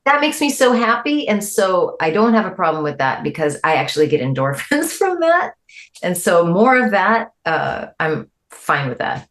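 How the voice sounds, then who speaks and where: A middle-aged woman, a guest musician, chatting in an interview, animated and quick to laugh, her voice jumping up when she quotes people. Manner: animated, jumps high when quoting people, laughs easily. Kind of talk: casual interview chat.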